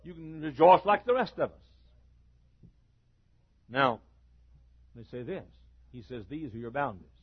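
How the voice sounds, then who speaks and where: A middle-aged man preaching a sermon as a pastor, building a repetitive cadence that rises to shouts. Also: mid-range voice, expressive, moderate pace, pauses often, slightly rough. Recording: dull lo-fi recording.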